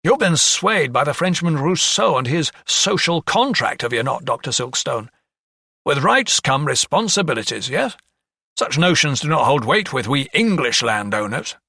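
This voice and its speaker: A man's voice: a little high, big pitch swings, moderate pace, gravelly, bright, forceful tone, slightly rough, no echo, studio quality, far from the mic, pitched above the performer's own voice, heavily acted. A man voicing a ruthless, scheming English lawyer who talks in a sneering, sardonic way.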